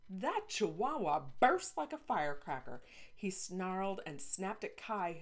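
A woman author reading her children's novel aloud in an expressive, playful narrating voice. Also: sits low. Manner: lively, playful asides.

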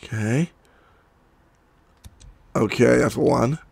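A sick man with a cracking voice giving rambling, excitable gameplay commentary, swearing often. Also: mid-range voice, drawn-out words, gravelly, breathy edge, dry recording. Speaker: let's play gamer.

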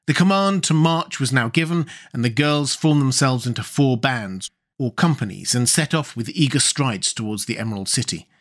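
A man reading an audiobook in an expressive, storytelling manner. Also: mid-range voice, normal speed. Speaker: audiobook narrator. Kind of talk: scripted audiobook narration.

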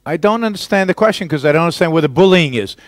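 A man's voice: on the high side, expressive, racing, no room sound. Guy lecturing, voice goes way up and down, punchy rhetorical questions, dry close sound. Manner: emphatic, argumentative, rhetorical questions. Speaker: guest lecturer. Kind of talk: public lecture Q&A.

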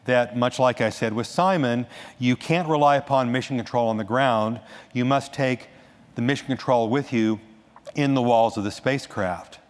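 A man speaks from a conference stage, his delivery animated and full of restarts and quick asides. His voice sits in a middle pitch. The sound carries the long reverb of a large hall. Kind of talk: conference talk.

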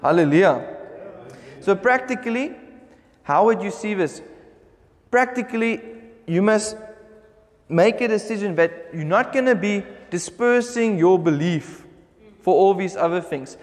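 Pastor guy preaching, pretty high voice, lots of reverb from the church hall. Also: lively intonation. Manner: emphatic preaching, slows down when reading scripture. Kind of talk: sermon.

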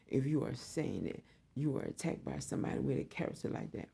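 A woman's voice: a bass voice, lively intonation, fairly quick, vocal fry, mellow, husky. A woman hosting her own online show, giving a blunt, profane opinion monologue and repeating her points.

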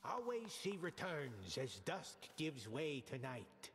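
A theatrical skeleton in a video game, drawling slowly. His voice swoops wildly up and down. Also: a little high, sing-song, fairly bright tone, full character voice. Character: chatty male skeleton trainer, theatrical.

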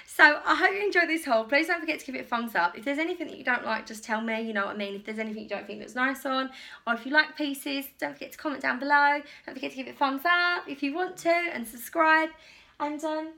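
Bright, chatty woman, a vlogger rambling happily through a try-on haul. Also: high voice, fairly quick. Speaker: fashion vlogger. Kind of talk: casual try-on haul chat.

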